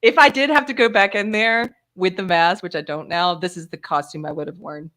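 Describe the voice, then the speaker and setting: A woman hosting a casual live-stream chat, telling a story with lively acted-out dialogue and frequent laughter. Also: on the low side, brisk. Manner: animated storyteller who acts out dialogue and laughs often. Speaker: podcast host.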